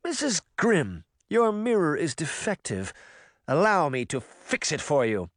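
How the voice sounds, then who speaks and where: Male reader as a high, imperious sorceress queen: cold, clipped, commanding. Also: huge pitch swings, a little slow, dry recording. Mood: stern. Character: icy, imperious female sorceress, a former queen. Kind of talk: audiobook character reading.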